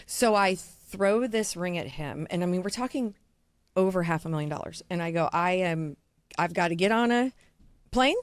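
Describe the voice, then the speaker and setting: A woman from Iowa, a diamond dealer, telling a story in casual podcast chat, blunt, profane and fast-talking. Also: on the low side, lively intonation, no echo. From Iowa, USA.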